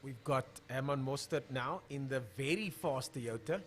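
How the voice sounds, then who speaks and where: A man's voice: medium pitch, moderate pace, a little hiss or hum. A man giving casual live commentary on a drag racing stream, chatting loosely and filling gaps while he looks up drivers' names. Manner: chatty, thinks aloud, fills gaps while looking up names.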